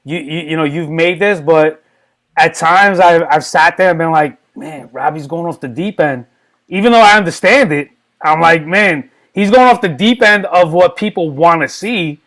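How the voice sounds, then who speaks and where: A man's voice: a little high, moderate pace, a bit bright. A man guesting on a casual podcast, talking candidly and rambling, often repeating words.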